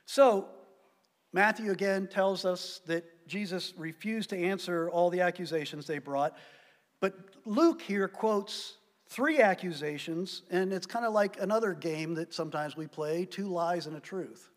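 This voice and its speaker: Pastor, male, high-pitched, preaching with emphatic stresses; reverberant church hall. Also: unhurried. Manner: emphatic preaching, swinging between loud stresses and quiet drops. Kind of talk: sermon.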